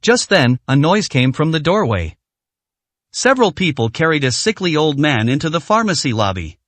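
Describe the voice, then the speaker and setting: Male narrator, audiobook story, animated, high voice, dry close sound. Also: moderate pace, no echo.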